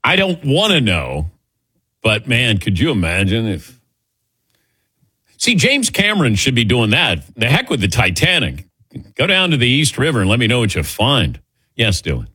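A man's voice: medium pitch, huge pitch swings, moderate pace, bright, forceful tone, slightly rough, dry recording. A man in his sixties hosting a call-in sports radio show, chatty and laughing easily as he tells stories. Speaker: radio sports talk host.

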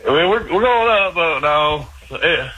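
A man with an Arkansas accent calls in to a radio show, easygoing and rambling, dropping "man" into his talk. His voice is bright and forward. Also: on the high side, lively intonation, measured pace, breathy edge, highs cut off. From Arkansas, USA. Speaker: radio caller. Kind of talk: casual phone-in chat.

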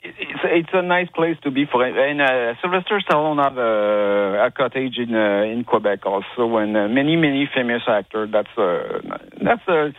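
Halting male caller on a phone line. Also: medium pitch, no echo. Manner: halting, many restarts and fillers. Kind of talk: call-in phone chat.

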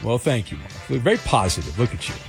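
A man's voice: fairly low pitch, very animated, fast, creaky, music in the background. A man hosting a call-in game show segment on a radio show, rambling and stumbling with fillers, poking fun at himself.

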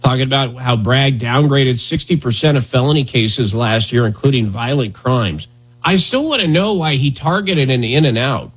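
A man's voice: mid-range voice, normal speed, husky. A man in his thirties hosting a podcast in casual comedic chat, sarcastic and rambling with jokey asides. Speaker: podcast host.

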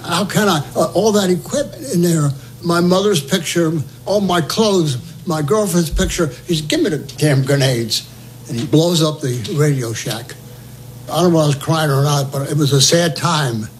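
A man's voice: a little high, slight background noise, low-quality recording. An older man telling a war story for an oral history recording, humorous, acting out the dialogue. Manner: lively, humorous, acts out dialogue.

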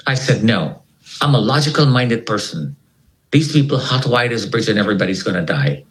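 A man with a fairly low voice tells a gripping personal story in an interview. His pitch swings widely as he acts out the different people in the tale, jumping high and then dropping low. The telling is vivid and animated throughout. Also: fairly quick, poor audio. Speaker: guest.

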